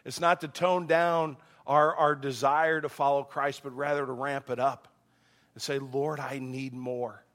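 A middle-aged man preaching a sermon, his voice a bit strained, animated and acting out quoted voices. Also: mid-range voice, a little slow. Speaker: pastor.

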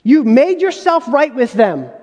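A man's voice: very high-pitched, very animated, measured pace, a little mellow, in a large hall. A male pastor preaching a sermon in an emphatic way, full of rhetorical questions.

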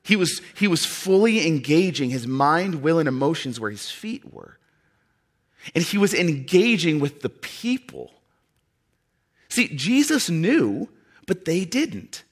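Earnest male preacher, dramatic pauses. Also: on the high side, big pitch swings. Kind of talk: sermon.

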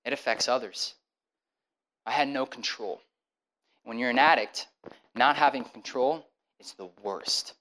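A young man tells his own story before listeners, like a testimony, at a medium, ordinary pitch. He acts out the back-and-forth dialogue and often stumbles over repeated words as he goes. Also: low-quality recording. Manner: animated, acts out the dialogue with many quick restarts. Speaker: speaker sharing a personal testimony.

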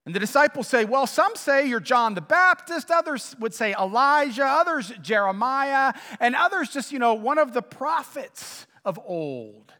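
A man preaching a sermon as pastor, animated in how he tells stories. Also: very high voice, normal speed, hardly any pauses, big-room sound.

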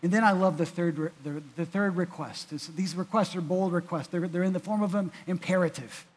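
A man preaching a sermon in an earnest way, often repeating words and restarting, and growing louder when he voices pleas. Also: fairly even intonation, a little fast. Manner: rises louder and higher when voicing the psalmist's pleas. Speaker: pastor.

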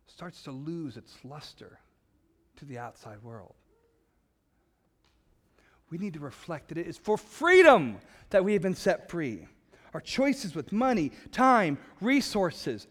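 A man preaching a sermon as a pastor, emphatic, with dramatic pauses. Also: a little high, in a large hall.

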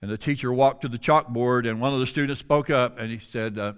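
A man preaching a sermon through a story, his voice pitched in the middle of the male range. He pushes some lines out loudly and drops others to a near hush for drama. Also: fairly quick, smooth. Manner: dramatic, swings between loud and hushed.

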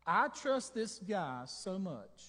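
A man preaching a sermon in a church, animated, joking and asking the congregation questions. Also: high voice, slow pace, in a large hall. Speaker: pastor.

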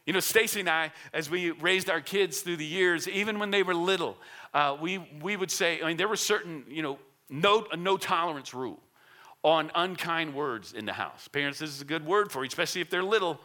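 A man's voice: fairly high pitch, fairly quick, pushed and bright. A middle-aged man preaching a sermon in a church, earnest and emphatic, often repeating words as he builds a point. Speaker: pastor.

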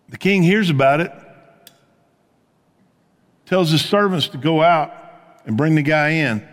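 A man preaching a sermon as pastor, telling stories in a conversational way and dropping to a hush on key points. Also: on the high side, moderate pace, pauses often, big-room sound. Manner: conversational storytelling preacher, swings from animated to hushed.

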